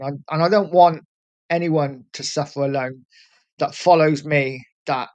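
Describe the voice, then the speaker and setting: A man in his forties from England, hosting a fan channel and talking candidly and earnestly to his viewers, often repeating "listen". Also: a little high. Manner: earnest, heartfelt and repetitive, often saying "listen". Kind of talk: candid vlog talk.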